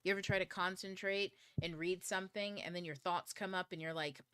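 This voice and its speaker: Chatty low-voiced woman, dry close sound. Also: brisk, smooth, no echo. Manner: swears casually, laughs often, rambling and animated. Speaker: host of a book club livestream. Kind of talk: casual chat to viewers. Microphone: camera mic on a DSLR.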